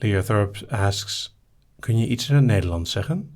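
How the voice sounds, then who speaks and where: Easygoing man with a lively, low voice. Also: normal speed. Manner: soft-spoken, easygoing, reads each question aloud then answers briefly. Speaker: hypnotist hosting a live stream. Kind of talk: casual live Q&A reading viewer questions.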